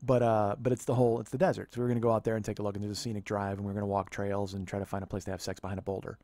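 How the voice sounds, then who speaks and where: A man in his fifties telling a funny story in a profane, animated way, laughing as he goes. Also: on the low side, racing, no room sound. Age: 50s. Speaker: podcast host. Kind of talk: comedic storytelling monologue.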